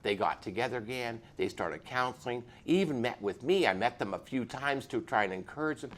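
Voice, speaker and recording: A man's voice: mid-range voice, expressive, fairly quick. A man, a police officer, telling his faith story in a dramatic way and acting out the people in it. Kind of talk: animated storytelling testimony.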